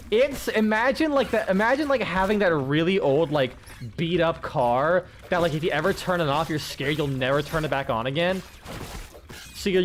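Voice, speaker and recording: A tired man chatting casually while streaming a game, rambling and excitable, swearing and laughing often. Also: fairly high pitch, slight background noise. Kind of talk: casual gaming stream chat.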